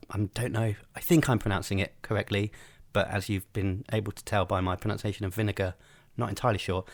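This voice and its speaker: Male podcast co-host, low, dry close mic, hesitant ramble. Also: no echo. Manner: rambling, hesitant, many ums. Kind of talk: casual chat.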